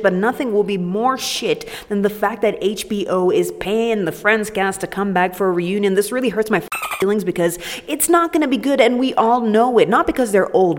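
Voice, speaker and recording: A woman hosting a casual solo comedy podcast, irreverent and crude, talking to herself and cracking jokes. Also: mid-range voice. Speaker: podcast host. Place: new home with echoey room. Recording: echoey room with long reverb.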